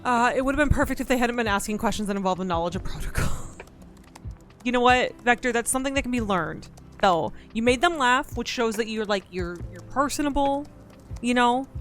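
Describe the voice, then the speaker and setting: Woman streamer, casual playful chatter, slightly high voice, faint music in the background. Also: animated, brisk. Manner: chatty and playful, thanking donors. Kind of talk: casual live-stream chat.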